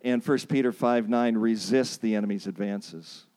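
A man's voice: normal speed, a little mellow. A man teaching a church counseling seminar, earnest and emphatic, quoting scripture and repeating key points for emphasis. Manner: acts out pleading phrases in a higher voice.

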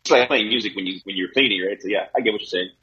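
A middle-aged man with a fairly low voice co-hosts a casual podcast chat and rants excitably, swearing freely. His sound comes through dull and lo-fi, as if from a weaker mic. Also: racing. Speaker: podcast co-host.

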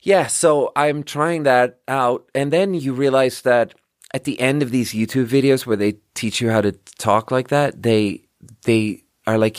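A man's voice: medium pitch, a little slow, no echo, studio quality. A man in his thirties, hosting a podcast, rants in a loose, self-mocking way and swears often. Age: 30s. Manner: self-deprecating, swears freely, jumps between thoughts. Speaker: podcast host. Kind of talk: casual comedic rant.

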